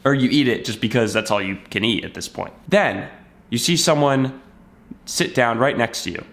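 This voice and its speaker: A man's voice: medium pitch, lively intonation, normal speed, a bit bright. A man giving a casual motivational talk to camera, telling a story and acting out bits of dialogue in a conversational way. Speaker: self-help video creator.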